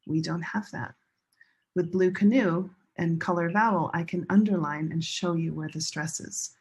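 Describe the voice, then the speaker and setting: A woman teaching English pronunciation in a classroom lesson, slowly modeling each word and stressing syllables with care. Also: fairly low pitch, fairly even intonation, a little mellow. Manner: slow, deliberate modeling of words with clear stress.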